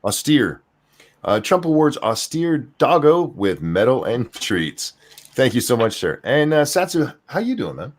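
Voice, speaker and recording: An older man hosting a casual podcast chat, relaxed and rambling with fillers. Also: mid-range voice, measured pace. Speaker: host.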